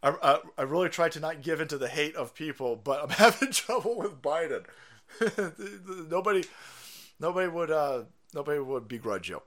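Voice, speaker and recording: A man hosts a livestream and rants with a lot of swearing and laughter. His pitch swings wildly, with low grumbles giving way to high, shouted bursts. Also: lively intonation, moderate pace. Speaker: live stream host. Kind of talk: profane political rant on a livestream.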